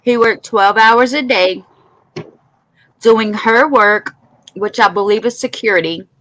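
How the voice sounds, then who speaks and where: A woman in casual conversation about a news case, unhurried and conversational. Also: on the high side, fairly bright tone, poor audio. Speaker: co-host.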